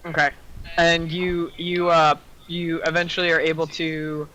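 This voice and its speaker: A man's voice: fairly high pitch, little pitch movement, unhurried, sharp tone, poor audio. A man running a tabletop game as game master, narrating casually with many fillers.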